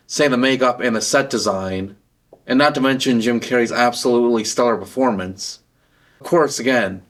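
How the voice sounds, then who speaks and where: Matter-of-fact man reviewing films. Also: medium pitch. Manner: steady, matter-of-fact delivery with small stumbles. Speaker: film reviewer presenting a segment. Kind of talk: reading trivia, then giving casual opinions.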